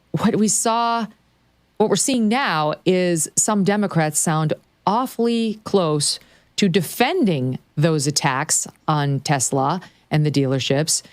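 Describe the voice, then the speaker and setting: Woman talk host, very low voice, dry sound, brisk and sardonic. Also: darkish tone, dry recording. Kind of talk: political talk show.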